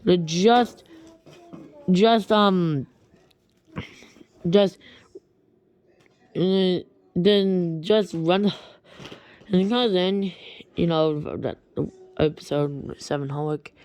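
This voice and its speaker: Woman storyteller, slow and halting, stumbles through a retold creepy tale. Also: fairly low pitch, darkish tone, no room sound. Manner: hesitant, halting, many restarts. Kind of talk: rambling horror story retelling.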